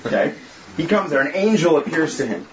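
His voice sits a little high and moves briskly in a sing-song way as he preaches to a small group, casual and joking but earnest in sermon and prayer. He is the group's leader and preacher, recorded in an echoey, slightly dull-sounding room with slight background noise.

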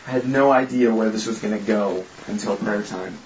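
A man's voice: lowish voice, moderate pace, heavy background noise. A man leading a small group with an informal, joking yet earnest sermon and prayer. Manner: casual, joking, earnest preaching. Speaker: group leader and preacher. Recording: echoey room, slightly dull sound.

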